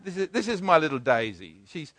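An older man preaching a sermon, swinging from hushed to loud. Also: fairly high pitch, sing-song, a little fast, no room sound. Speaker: pastor.

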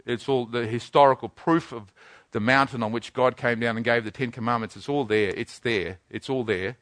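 A man preaching a sermon, building to loud, rapid-fire rhetorical questions. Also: medium pitch, fairly even intonation, dry recording.

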